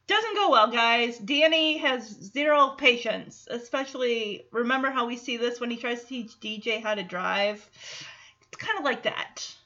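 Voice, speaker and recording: A woman hosting a casual sitcom recap, chatty and animated, acting out the characters' lines. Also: on the high side, moderate pace, lo-fi sound. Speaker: podcast host recapping a sitcom. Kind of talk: casual chat.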